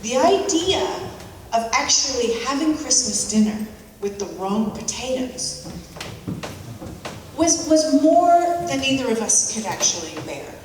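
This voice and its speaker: Woman speaker, higher voice, halting storytelling style, distant mic in a reverberant hall. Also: sing-song, a crowd in the background. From United States. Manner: reflective, halting, repeats key phrases. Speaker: speaker at a forum. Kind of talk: storytelling public talk. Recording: echoey hall, mic from far off, background noise.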